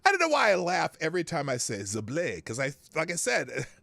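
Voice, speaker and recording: A man's voice: a little high, huge pitch swings, fairly quick, gravelly, sharp tone, dry recording. A man hosting a live stream, greeting chat viewers by name in a chatty, rambling way and chuckling to himself. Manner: chatty, laughs to himself, reads names off chat. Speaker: livestream host.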